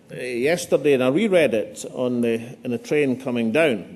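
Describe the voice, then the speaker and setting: A man's voice: mid-range voice, darkish tone. A middle-aged Scottish man giving an after-dinner speech to a hotel audience, with dry humour and frequent "uh" hesitations. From Scotland. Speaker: political speaker at a dinner. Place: hotel function room. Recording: long hall reverb.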